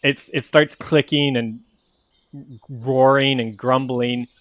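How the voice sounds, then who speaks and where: A man's voice: medium pitch, fairly even intonation, slow pace, a bit bright, no echo. A man narrating as game master of a tabletop game, casual with many fillers.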